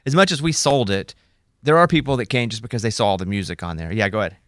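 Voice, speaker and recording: A man's voice: on the low side, fast, fairly bright tone, no echo, studio quality. A man hosting a radio show, asking his co-hosts easygoing questions in casual chat. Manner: easygoing, asks questions and steers talk.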